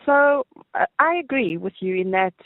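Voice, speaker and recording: A woman from Johannesburg with a South African accent calling in to a radio show, telling a story in a chatty, animated way. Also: mid-range voice, moderate pace, no echo. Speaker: caller. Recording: tinny phone line.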